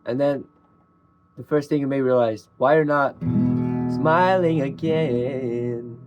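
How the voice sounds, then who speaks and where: A man, a singer-songwriter, chatting casually between his own songs in an excited, rambling, self-mocking way. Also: medium pitch, normal speed, muffled recording. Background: acoustic guitar.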